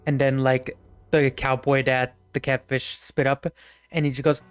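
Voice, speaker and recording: A man's voice: mid-range voice, flat delivery, normal speed, clean tone, no echo, faint music behind. A young man narrating a tabletop game as game master, rambling with many fillers.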